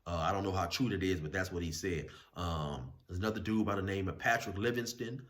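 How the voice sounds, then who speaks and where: Low-voiced man, laid-back host spinning a rambling story in street slang. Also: a little fast, a bit bright. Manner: rambling, loose street slang, many fillers and restarts. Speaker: channel host telling prison stories. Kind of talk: casual spoken storytelling.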